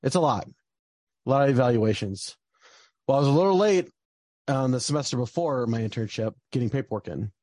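A man's voice: mid-range voice, animated, fairly quick, long pauses, a little mellow, no room sound. A young man telling a personal story in casual talk, rambling with lots of fillers and restarts.

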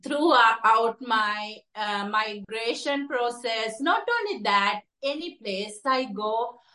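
A woman therapist speaking earnestly in halting second-language English, with many fillers and restarts. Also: fairly high pitch, pushed and bright. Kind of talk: conversational interview.

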